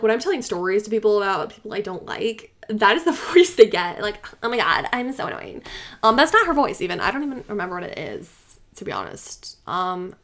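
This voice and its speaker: A young woman talks through a video game in casual, rambling commentary. She is animated and chatty, laughs often, and fills her sentences with likes and ums, at a middle pitch. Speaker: let's play host.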